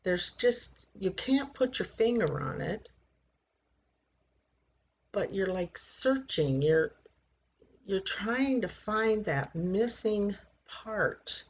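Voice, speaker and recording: A woman in her sixties giving an earnest personal faith testimony, halting and repeating words as she tells it. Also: medium pitch, animated, lo-fi sound, a little hiss or hum. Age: 60s. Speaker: church member giving testimony.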